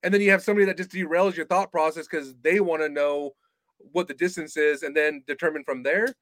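Casting: male podcast co-host, high voice, dry close sound, rambling and jokey. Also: fairly even intonation, brisk, fairly bright tone, dry recording. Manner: rambling, filler-heavy, joking. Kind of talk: casual chat.

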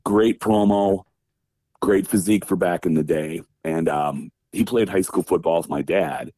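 A man from Wisconsin, a former wrestler, telling stories in a casual interview, lively and acting out the voices of people he quotes. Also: low-pitched, unhurried, no room sound. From Wisconsin, USA. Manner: animated storyteller, acts out quoted voices, laughs often. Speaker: guest, former pro wrestler.

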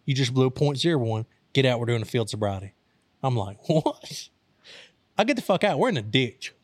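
A man's voice: mid-range voice, slightly rough, dry recording. A young man from Arkansas telling a wild story in casual talk, profane and laughing as he goes. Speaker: storyteller host.

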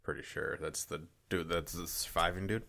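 Chill young dude, real low voice, cussing and trailing off while talking movies. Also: male voice, steady tone, normal speed, vocal fry, bright, forceful tone. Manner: laid-back, swearing, trailing off mid-sentence. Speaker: podcast co-host. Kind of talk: casual banter.

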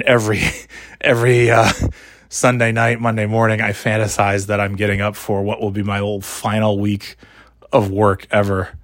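A man's voice: on the low side, no room sound, studio quality. Scratchy-throated man rambling on his podcast. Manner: rambling, self-mocking, swears casually. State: scratchy throat after illness. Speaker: podcast host. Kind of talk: casual solo podcast chat.

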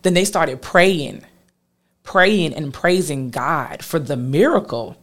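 A woman, a guest telling a personal story in an animated way, acting out what others said. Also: low voice, takes it slowly. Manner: animated, quotes others with lively voices.

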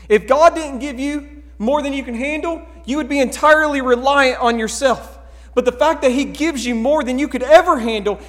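A man preaching a sermon as pastor, earnest and pleading, dropping to a hush and rising to emphatic calls. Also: very high-pitched. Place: church sanctuary. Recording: long hall reverb.

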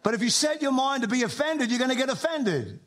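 An Australian man preaching to a congregation, his voice sitting very high for a man. He delivers the sermon in a loose, conversational way, slipping in jokes and often restarting his phrases. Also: expressive, fast, a bit bright. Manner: conversational preaching with humorous asides and repeated restarts. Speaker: pastor. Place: church before a congregation.

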